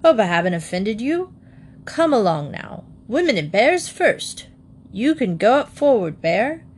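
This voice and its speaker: A woman's voice: sing-song, measured pace, slightly rough, exaggerated voice. A woman voicing a blustering old male sea admiral who barks orders in a seafaring drawl. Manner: booming seafaring bark, dropped g's.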